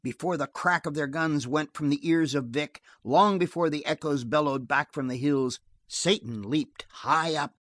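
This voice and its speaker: A man's voice: on the high side, moderate pace, few pauses, fairly bright tone, no room sound, studio quality. Man narrating a western audiobook. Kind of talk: scripted narration of a western novel.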